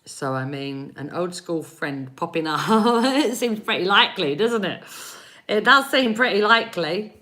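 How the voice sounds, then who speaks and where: A woman's voice: mid-range voice, animated, measured pace, bright, forceful tone. A woman in her forties from England with an English accent, chatting with viewers on a live stream and laughing often. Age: 40s. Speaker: energy reader doing live readings.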